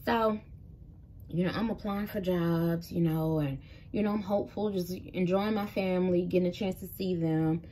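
In a personal faith vlog, a Memphis woman in her thirties addresses her viewers as "y'all" in a casual, chatty way. Her voice is lowish and dark with fairly even intonation at normal speed, over slight background noise.

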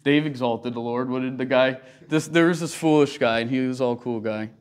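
This man teaches Sunday school at a church, his voice medium-pitched and his pace normal. He works through scripture earnestly and conversationally, frequently dropping in "you know," in a casual Bible lesson.

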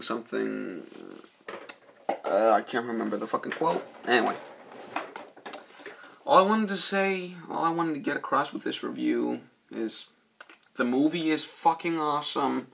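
A man's voice: medium pitch, slow pace, vocal fry, long pauses, a little hiss or hum. A young man rambling casually through a film review, swearing often and losing his train of thought. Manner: acts out movie quotes in loud, shouty voices. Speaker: movie reviewer.

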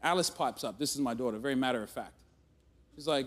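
A man preaching at church, telling a funny family story in an animated, self-mocking way. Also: mid-range voice, fast talker. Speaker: guest speaker. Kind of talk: storytelling sermon. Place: church auditorium. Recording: long reverb of a church hall.

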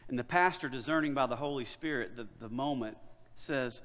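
A man preaching a sermon, telling a story with big swings between loud and hushed delivery. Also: mid-range voice, a little fast, big-room sound. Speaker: pastor. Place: church sanctuary.

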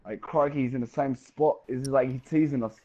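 A man chatting and joking with teammates while playing an online shooter, bantering with mock exclamations and shouting during fights. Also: medium pitch, fairly even intonation, fairly quick, muffled recording. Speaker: online multiplayer gamer. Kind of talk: casual gaming chat with teammates.

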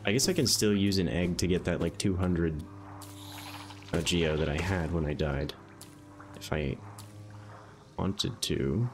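This young northeastern American streamer has a deep voice and speaks a little slowly, with long pauses, as he gives casual commentary on his game. His chat rambles along easily, packed with "um"s and "like"s, while game music plays amid a noisy background.

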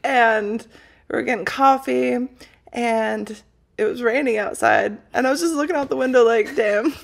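Young adult woman podcast host, high voice with vocal fry, playful and laughing. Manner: laughs often, playful and quick to joke. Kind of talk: casual chat.

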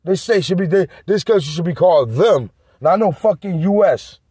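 A man's voice: high-pitched, expressive, normal speed, dark tone, slightly rough, no room sound, clean studio sound. A man vlogging in a heated, profane rant aimed straight at his viewers. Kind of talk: ranting monologue to camera.

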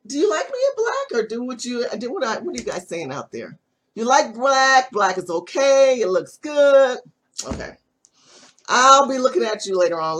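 A woman from California giving a fiery live online rant to her viewers, breaking into loud outbursts and quick asides. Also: a little high, a little hiss or hum. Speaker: political vlogger.

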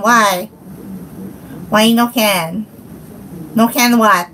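Giggly slow-talking woman. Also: medium pitch, fairly even intonation, a bit bright, a little hiss or hum, poor audio. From Hawaii. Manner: giggly, scattered, playful. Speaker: livestream host. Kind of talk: casual livestream chat.

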